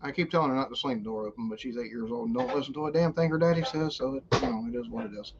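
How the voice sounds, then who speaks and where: A man's voice: mid-range voice, very fast, slight background noise. Blunt cussing man on a lo-fi stream. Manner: blunt, profane, opinionated. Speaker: co-host. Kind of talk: casual livestream banter. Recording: dull lo-fi stream audio.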